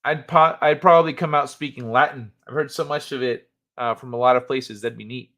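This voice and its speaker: A man's voice: medium pitch, fairly even intonation, brisk, a bit bright. A man hosting a casual livestream chat from the United States, rambling and laughing as he reads chat aloud. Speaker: livestream host.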